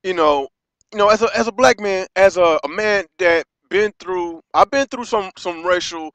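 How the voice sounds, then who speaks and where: An American man delivering an impassioned vlog rant, halting and restarting often and swearing freely. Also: sits high, a bit bright, clean tone, dry recording, dull audio. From United States. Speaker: vlogger.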